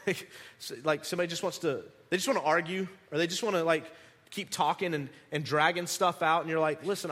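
A man preaching a conversational sermon, animated, restarting words and acting out the people he quotes. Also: on the high side, long reverb tail. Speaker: pastor.

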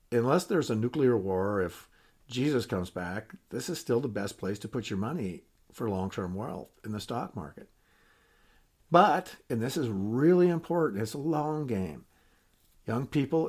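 Retired man hosting a folksy podcast. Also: medium pitch. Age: older. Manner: folksy, candid, self-deprecating, with frequent restarts. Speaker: podcast host. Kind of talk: casual podcast monologue.

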